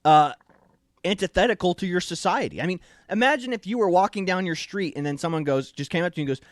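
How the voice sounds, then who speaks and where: A man's voice: high voice, lively intonation, fast, dry recording, clean studio sound. Emphatic talk-show host, man. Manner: emphatic, indignant. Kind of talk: opinion talk show commentary.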